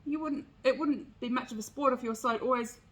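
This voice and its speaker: A woman voicing an excitable squirrel telling a boastful dream in a read-aloud picture book. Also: high voice, a little fast, close to an everyday voice. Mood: teasing. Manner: excited, gleeful.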